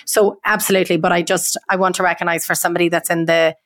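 An Irish woman, a co-author guest in a podcast conversation, speaking earnestly and slowing down on key words. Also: fairly low pitch, steady tone, fairly bright tone, no echo, studio quality.

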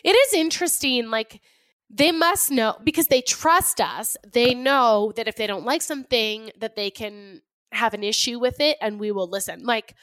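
A woman co-hosting a podcast in casual chat, animated and laughing often as she acts out her kids. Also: fairly high pitch, normal speed, no echo. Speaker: podcast co-host.

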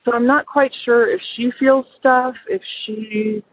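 A woman's voice: on the high side, fairly even intonation, a little slow, slight background noise. A middle-aged mother calling in to tell a personal ghost story, hesitant, with many ums and restarts. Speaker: caller. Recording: phone line.

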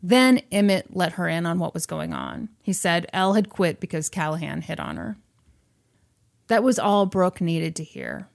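A woman casually retelling a film's plot to a friend, acting out the characters' lines in quick asides. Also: lowish voice, creaky. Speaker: podcast host retelling a film plot. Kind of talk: casual storytelling chat.

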